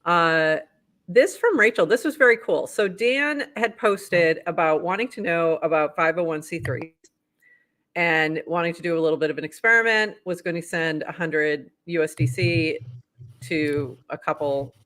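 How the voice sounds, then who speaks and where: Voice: mid-range voice, normal speed, a bit bright. A podcast co-host with a Boston accent, chatting casually and reading posts aloud in an upbeat, easy manner that breaks into laughter.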